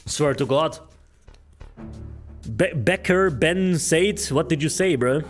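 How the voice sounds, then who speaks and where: A male streamer talking casually on a live stream, excitable, swearing often and stumbling over hard names. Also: fairly high pitch, slow pace, soft background music.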